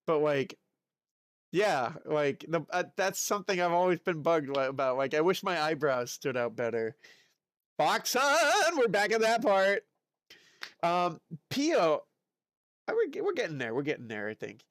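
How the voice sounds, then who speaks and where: A man streaming live, chatting casually and reacting excitedly to chat messages. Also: a little high, a little slow, no room sound. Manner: chatty, excitable, lots of fillers and exclamations.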